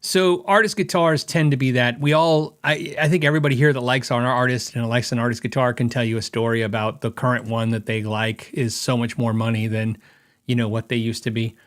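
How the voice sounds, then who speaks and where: A man's voice: mid-range voice, level tone, fairly quick. A middle-aged man hosting a podcast, giving his opinions in a rambling, casual way and thinking aloud with fillers. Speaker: podcast host.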